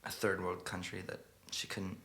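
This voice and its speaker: A man telling a story in a soft, hushed and halting way, pausing and restarting often. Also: deep voice, monotone, creaky. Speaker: singer-songwriter. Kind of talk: spoken storytelling intro to a song. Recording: loud guitar playing behind the voice.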